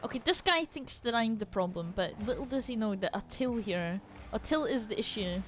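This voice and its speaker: A young woman streaming her gameplay, talking fast and loose and swearing freely as she reacts to every play. Her voice sits fairly high, and she often shouts at her teammates. A faint hiss of noise lies under the recording. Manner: excitable, swearing, yelling at teammates. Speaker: gaming streamer. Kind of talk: live gameplay commentary.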